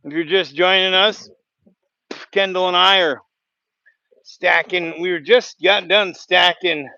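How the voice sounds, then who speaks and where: Bright-voiced chatty man, lo-fi. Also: sits high, fairly even intonation, takes it slowly, creaky, no room sound. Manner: chatty, rambling storyteller with sound effects. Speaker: sawmill worker and livestream host. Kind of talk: casual livestream chat and joke telling. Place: outdoors at a sawmill.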